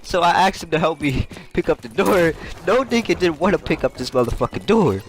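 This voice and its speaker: A man's voice: a little high, very animated, brisk. A young man telling a story in a loose, slangy way while playing a game, laughing often. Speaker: gaming YouTuber. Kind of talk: casual storytelling over gameplay. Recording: game gunfire noise behind voice. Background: video game gunfire and clicks.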